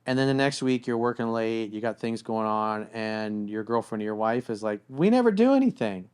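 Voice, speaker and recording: A man's voice: fairly low pitch, moderate pace, clean tone. A man giving relationship advice in a blunt, casual way, often acting out what partners say to each other. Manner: blunt, animated, acts out quoted voices. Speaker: relationship coach.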